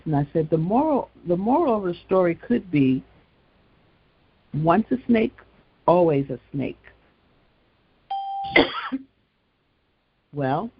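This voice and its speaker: A man hosts a faith-based talk show, speaking slowly with a gravelly rasp. He tells stories in a conversational way, breaking off for frequent asides. The audio is dull, lo-fi and dry. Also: sits high, a little hiss or hum. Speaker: host. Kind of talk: gospel talk show monologue.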